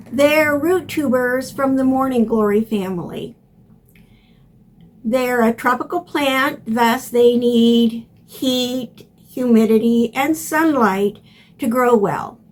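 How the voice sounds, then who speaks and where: Slow, high-voiced older woman teaching gardening. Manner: unhurried, plainspoken explaining. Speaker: gardening channel host. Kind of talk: instructional gardening video.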